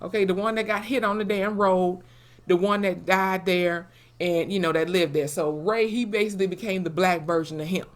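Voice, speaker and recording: A young woman, recapping a TV episode in an animated, profane way and acting out the characters' lines. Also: lowish voice, moderate pace. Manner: animated, profane storytelling with acted-out quotes. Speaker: TV episode reviewer. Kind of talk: casual recap vlog.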